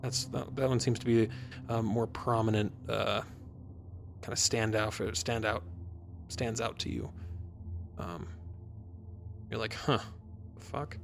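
A man's voice: fairly low pitch, steady tone, a little slow, creaky, pauses often, background noise. A man narrating as game master of a tabletop game in a casual, swearing way. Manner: casual, swearing, restarts sentences. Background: background music.

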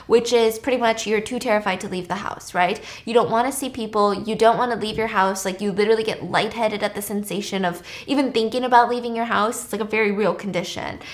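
A woman casually recapping a film plot in a chatty way, adding frequent asides. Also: mid-range voice.

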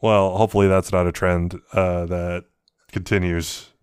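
A man's voice: low-pitched, flat delivery, moderate pace, clear, resonant tone, no echo, studio quality. A man on a podcast making laid-back, brief remarks in casual chat.

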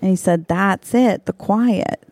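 A woman's voice: mid-range voice, a little slow, a little mellow, dry recording. Giggly chatty woman, dry close mic. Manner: giggly, chatty, lots of likes and ums. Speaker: podcast co-host. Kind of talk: improvised comedy chat.

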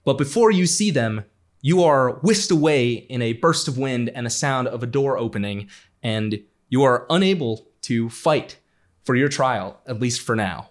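A man's voice: medium pitch, expressive, a little slow. A man as game master, narrating a tabletop game in a playful storytelling way.

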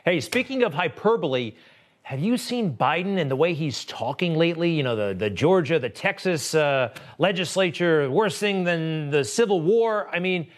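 A man hosting a talk show interview, chatty and asking leading questions. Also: a little high.

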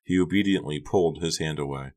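A man narrating an audiobook in a steady storytelling delivery. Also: a bass voice, fast.

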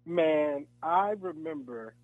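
A man, an actor, talking in a relaxed interview and telling animated stories, acting out voices and laughing often. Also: fairly high pitch, slow pace, dry recording, phone-quality sound, soft background music. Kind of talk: casual interview chat.

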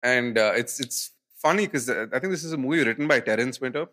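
A man's voice: medium pitch, quick pace, pushed and bright. A man co-hosting a podcast, chatting casually about films and rambling through fillers and restarts. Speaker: podcast co-host. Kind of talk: casual film chat.

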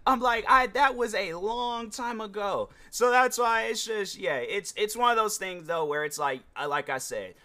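A young man hosting a solo podcast, his voice bright and a little raised in pitch. He rambles casually, restarting sentences and dropping slang as he goes. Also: moderate pace, few pauses. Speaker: podcast host.

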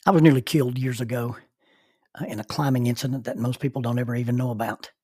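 A middle-aged male minister telling a personal story, halting and repeating words as he starts sentences. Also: medium pitch, fairly even intonation, mellow, husky, no echo, clean studio sound.

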